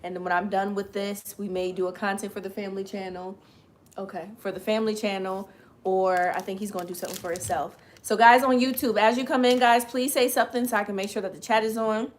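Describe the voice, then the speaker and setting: A woman hosting a casual livestream, greeting viewers by name and chatting, her voice slightly raspy and strained today. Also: mid-range voice, fairly even intonation, fast. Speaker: livestream host.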